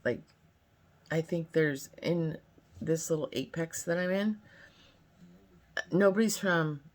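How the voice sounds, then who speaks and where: A woman's voice: low voice, slow pace. A woman in her fifties from California telling a casual story time, chatty and rambling with lots of fillers. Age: 50s. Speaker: vlogger.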